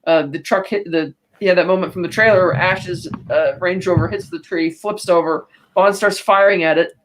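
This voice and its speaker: A woman's voice: on the low side, fairly even intonation, moderate pace, noisy background. A woman co-hosting a podcast, retelling a film's plot casually with many fillers and restarts. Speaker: podcast co-host. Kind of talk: casual film recap.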